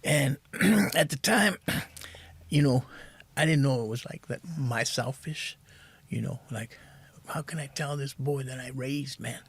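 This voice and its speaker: With vocal fry and a husky, mid-range voice, a middle-aged man shares his recovery story on a podcast. He talks gently, stops and starts, and frequently says "man."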